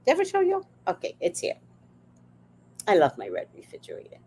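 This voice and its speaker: Speaking briskly in a mid-range voice, this livestream host tells stories in an animated, chatty manner during a casual chat. A slight background noise can be heard.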